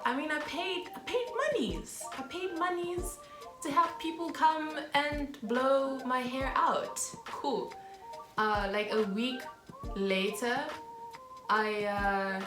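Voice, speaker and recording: A woman from South Africa chats in an expressive, playful manner. Her voice rings in an echoey room. Music is clearly heard behind her. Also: medium pitch. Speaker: guest vlogger. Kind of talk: casual chat.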